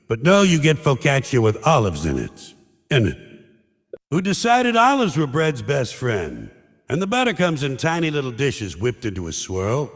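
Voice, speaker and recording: A man's voice: mid-range voice, in a large hall. Wildly swooping sarcastic male comedian. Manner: sarcastic, exasperated ranting with mocking put-on quotes. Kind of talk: stand-up comedy monologue.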